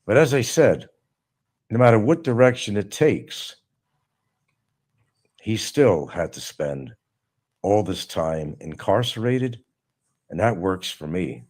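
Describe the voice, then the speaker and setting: A man's voice: lowish voice, big pitch swings, takes it slowly, long pauses, darkish tone. A middle-aged man hosting a live stream, talking casually and mocking someone with sarcasm. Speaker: livestream host. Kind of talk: casual livestream monologue.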